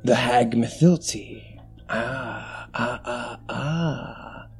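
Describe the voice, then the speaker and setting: A scythe-bearing skeletal spirit speaks in a slow, measured, menacing voice, as a man puts him on. Soft music plays faintly beneath him. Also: medium pitch, gravelly, husky, heavily acted. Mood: ominous. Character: ominous male skeletal death spirit with scythe.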